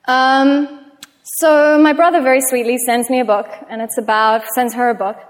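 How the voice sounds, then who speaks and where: A woman's voice: high-pitched, fairly even intonation, normal speed. A woman giving a public talk, telling chatty, self-mocking anecdotes to an audience. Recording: long hall reverb.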